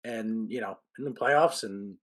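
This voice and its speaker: A man co-hosting a sports podcast who chimes in with short agreements and gives longer, halting takes with restarts. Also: on the low side, fairly bright tone. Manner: brief agreeing replies, then longer halting takes with restarts and a little swearing. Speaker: podcast co-host. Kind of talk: casual sports talk.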